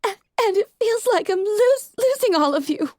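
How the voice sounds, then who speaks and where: A refined, genteel unicorn mare with a lively, swooping voice, as a woman puts her on. Dry, close storybook reading. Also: extremely high pitch, normal speed, dry recording, voice pushed up. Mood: sobbing. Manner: genteel, says darling. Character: elegant refined young female unicorn pony.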